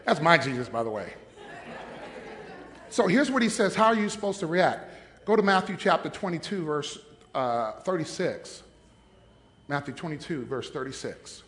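A man preaching a sermon as pastor, dramatic, swinging from hushed asides to shouts. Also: on the high side, sing-song, moderate pace, long pauses, big-room sound.

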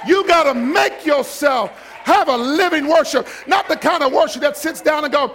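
A man preaching a live sermon, shouting and calling out to the congregation, repeating words for emphasis. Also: extremely high pitch, moderate pace, a faint crowd, a little hiss or hum. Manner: fiery, shouting, call-and-response with congregation; acts out quoted voices and repeats words for emphasis.

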